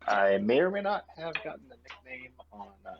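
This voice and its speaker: A man playing in a tabletop game, chatting in a relaxed way. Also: mid-range voice, fairly quick, dull audio, noisy background. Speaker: player.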